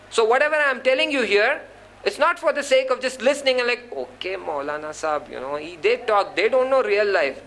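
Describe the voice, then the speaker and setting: A man's voice: very high-pitched, bright, forceful tone, rough recording. A man preaching a sermon to a gathering, earnest and admonishing. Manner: earnest, admonishing, acts out quoted people. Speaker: Islamic preacher. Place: gathering hall.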